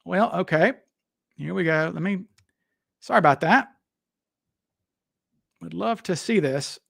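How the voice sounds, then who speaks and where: A man with a somewhat high voice hosts a casual live stream. He rambles, restarts his sentences and talks straight to his viewers. The sound is dry and close, with no room echo. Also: lively intonation, measured pace, creaky, fairly bright tone. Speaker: livestream host. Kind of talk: casual livestream chat.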